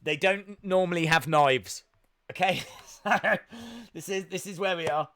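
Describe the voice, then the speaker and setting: Excitable British man streaming live. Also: sits high, unhurried. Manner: excitable, chatty. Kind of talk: live watch-along commentary.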